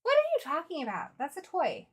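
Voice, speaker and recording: A woman's voice: sits high, wildly swooping pitch, quick pace. A woman hosting a casual livestream, chatting with a co-host and reacting to viewers' comments by name.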